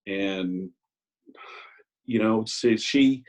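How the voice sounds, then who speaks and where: A man's voice: fairly low pitch, very slow, low-quality recording. A man in his sixties giving a personal recovery share on a video call, telling his story candidly with self-mocking asides and hesitant ums. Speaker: Al-Anon speaker.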